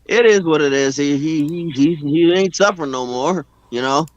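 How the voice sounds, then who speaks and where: A man's voice: on the high side, moderate pace, no echo, muffled recording. A man talking bluntly in a casual podcast chat, often stammering and repeating words.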